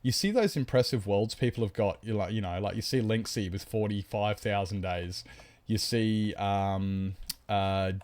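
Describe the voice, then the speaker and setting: A man's voice: on the low side, measured pace, darkish tone. A man chatting on a live game stream, rambling, greeting viewers and joking about himself.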